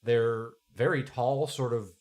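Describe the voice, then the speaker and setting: A man's voice: mid-range voice, fairly even intonation, slow pace, darkish tone. A man narrating a tabletop role-playing game as game master, describing scenes in a playful, descriptive way.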